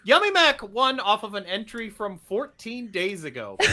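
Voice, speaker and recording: Playful cohost on a stream, bright lively voice, laughing a lot. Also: mid-range voice, a little hiss or hum. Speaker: co-host. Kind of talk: casual livestream podcast chat.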